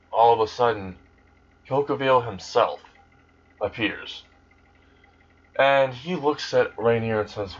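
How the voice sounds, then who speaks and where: Young man rambling through a fan story. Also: mid-range voice. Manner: rambling, casual, swears freely. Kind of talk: casual retelling of a fan story. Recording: dull lo-fi recording.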